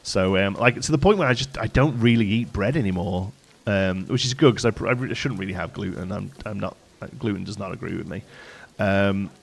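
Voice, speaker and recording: A man's voice: lowish voice, a little fast, gravelly, breathy edge. A man, chatting casually and rambling as he streams a game and answers chat. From England, Staffordshire. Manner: rambling, chatty, many fillers and restarts. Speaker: live streamer. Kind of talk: casual chat while gaming, reading chat aloud.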